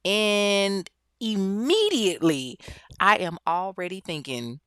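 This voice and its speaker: A woman's voice: medium pitch, lively intonation, slow pace, fairly bright tone, clean tone, no echo, studio quality. Chatty, blunt woman telling a true-crime story. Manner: chatty, blunt and profane, with frequent asides to listeners. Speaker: podcast host.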